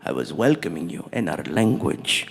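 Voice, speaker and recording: A comedian doing a deep, gracious young prince. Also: male voice, sing-song, vocal fry, breathy edge, exaggerated voice. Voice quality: deep, slow and polite. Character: calm, formal, gracious young male prince.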